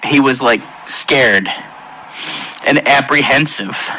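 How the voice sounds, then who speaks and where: A man giving an emotional personal testimony in an earnest, halting way, with many pauses and restarts. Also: mid-range voice, pushed and bright, slightly rough, low-quality recording. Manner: intense, pleading delivery. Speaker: testimony speaker.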